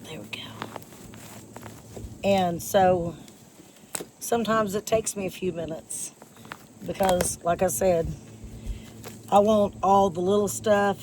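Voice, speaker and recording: Outdoors in a yard by a porch, a woman vlogger chats casually with her viewers while pulling weeds, rambling in a folksy way and coughing slightly from a chest infection. Her voice is medium-pitched with fairly even intonation, and she speaks slowly with frequent pauses. There's noise in the background.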